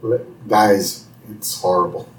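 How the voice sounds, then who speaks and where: A man's voice: sits low, fairly even intonation, slow, a little hiss or hum. A man co-hosting a podcast, chatting casually and laughing while he recaps an episode. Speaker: podcast co-host. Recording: roomy, distant mic.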